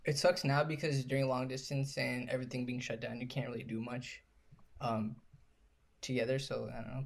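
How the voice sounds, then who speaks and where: A young man co-hosting a podcast, talking in a calm, measured way. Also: medium pitch, gravelly. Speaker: podcast co-host. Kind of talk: casual chat.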